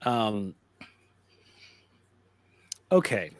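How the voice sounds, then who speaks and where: A man narrating a tabletop horror game as game master, in relaxed, descriptive speech. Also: on the low side, very slow.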